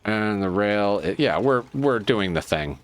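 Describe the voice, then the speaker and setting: A man's voice: lowish voice, expressive, a little slow. A man streaming a colony-building game, talking to himself in a casual, muttering way as he plans and fixes things. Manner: muttering to himself while planning. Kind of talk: casual gameplay commentary.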